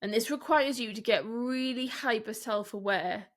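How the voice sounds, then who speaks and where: A woman hosting a solo business podcast, coaching listeners in a direct, candid way with rhetorical questions and quick laughs. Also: fairly high pitch.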